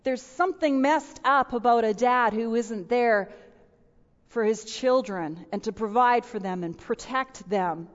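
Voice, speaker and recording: A middle-aged woman delivers a storytelling sermon to a room full of listeners, acting out little voices and sound effects as she goes. Her voice sits high and she takes her time. The recording is dull, with a long reverb from a big hall. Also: measured pace. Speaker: women's speaker. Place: large room with audience.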